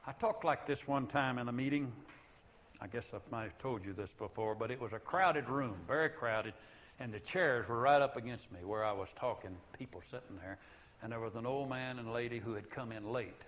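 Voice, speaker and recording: An older man preaching a sermon in an earnest way, rising to loud emphatic peaks and then dropping to hushed, low passages. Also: moderate pace, rough recording.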